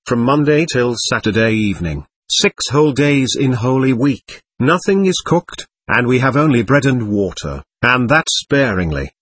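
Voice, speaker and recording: A man's voice: mid-range voice, slightly rough. A man voicing a timid, deferential visiting monk in an audiobook reading. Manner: deferential, earnest questioning.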